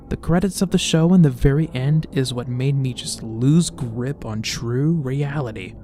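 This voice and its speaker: A man's voice: medium pitch, slight background noise. Exasperated, stammering man reading creepypasta. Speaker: creepypasta reviewer. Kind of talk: comedic reading with commentary.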